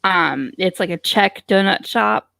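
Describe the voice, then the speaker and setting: A woman's voice: mid-range voice, unhurried, creaky, sharp tone, no echo. A woman from Texas chatting casually, sassy and blunt. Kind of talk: casual chat.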